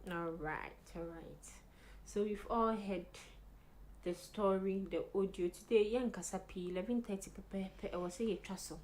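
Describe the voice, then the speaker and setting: A woman's voice: medium pitch, low-quality recording. Dramatic woman radio host. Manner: dramatic, expressive. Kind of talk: radio talk show.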